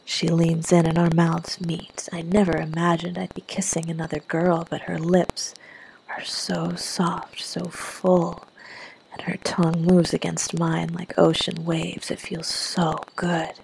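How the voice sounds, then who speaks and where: A woman narrating an intimate first-person story in a soft voice that often slips into a whisper. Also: lowish voice, monotone, measured pace, vocal fry, a little hiss or hum, rough recording.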